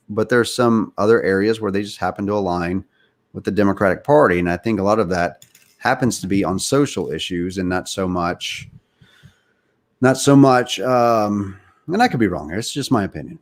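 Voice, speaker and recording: A man hosting a podcast, with a slight Southern US accent, giving earnest, opinionated political talk and speaking straight to his listeners. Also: on the low side. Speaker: podcast host.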